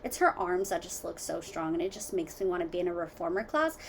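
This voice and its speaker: A woman hosting her own podcast from home, rambling casually through tangents with lots of fillers, jumping between loud exclamations and quiet muttered asides. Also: fairly low pitch, expressive, quick pace, a little hiss or hum. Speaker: podcast host. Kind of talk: casual solo podcast chat.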